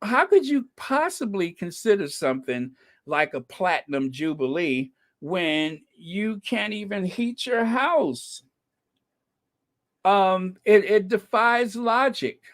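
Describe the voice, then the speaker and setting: A man's voice: high-pitched, lively intonation, takes it slowly, fairly bright tone. A man hosting a casual live podcast, chatting with viewers, thanking them by name and dropping wry, laughing asides. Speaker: podcast host. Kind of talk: casual commentary on live stream.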